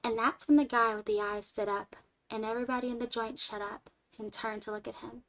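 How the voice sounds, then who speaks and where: A woman streamer reading a short story aloud in an expressive way, moving between lively and hushed delivery. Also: fairly high pitch, a little fast.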